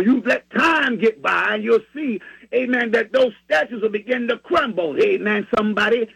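Brief: male preacher, very high raspy gravelly voice, shouting fervent sermon sound of a radio broadcast. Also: normal speed, poor audio. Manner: fervent, shouting, repeats the scripture reader's lines. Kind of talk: call-and-response sermon.

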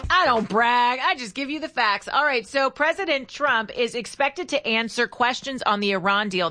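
A woman's voice: medium pitch, sharp tone. A woman hosting a morning radio talk show in a studio, chatty and bubbly, laughing at herself.

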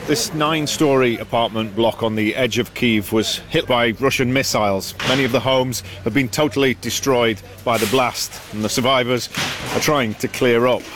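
A male news correspondent reporting from outside a damaged apartment block in a measured, sober way. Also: medium pitch.

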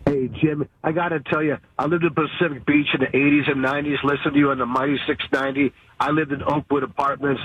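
Male radio caller, husky, slightly high voice, dull dry phone line. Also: flat delivery, quick pace, dry recording. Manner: chatty, rambling storyteller. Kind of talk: call-in radio talk.

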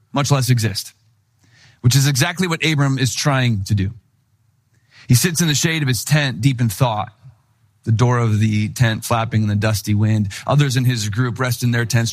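Young pastor telling a lively story. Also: male voice, medium pitch. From Wisconsin. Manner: animated storytelling, acting out quoted voices. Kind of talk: sermon.

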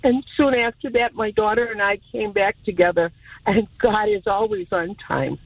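A woman's voice: fairly high pitch, big pitch swings, normal speed, gravelly, husky, dry recording. A woman calling in to a radio show while driving, emotional and stammering as she shares a personal testimony. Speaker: caller. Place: car, driving. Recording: tinny phone line.

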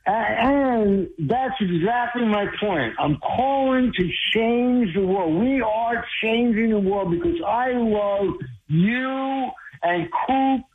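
A man's voice: high-pitched, lively intonation, slow. A man calling in as a regular on a talk radio show, earnest and worked up, laughing often. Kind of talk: casual call-in chat. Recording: dull lo-fi phone line.

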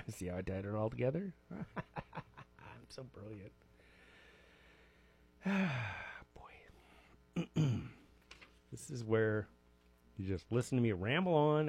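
A man's voice: mid-range voice, husky. Jokey rambling male radio host. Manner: jokey, self-mocking, rambling. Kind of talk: casual rambling radio chat. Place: radio studio.

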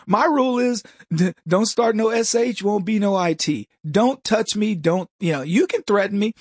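A man hosting a political commentary show, brash and mocking, laughing often and slipping into high voices to mimic people. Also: animated, a little slow, husky, dry recording, studio quality. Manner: jumps into high put-on voices for quoted people. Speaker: political talk show host. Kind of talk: opinionated commentary monologue.

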